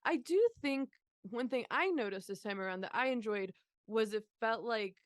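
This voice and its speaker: A woman's voice: on the high side, normal speed, a bit bright, dry recording, studio quality. A woman co-hosting a movie podcast in casual chat, blunt and casually profane. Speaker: podcast co-host.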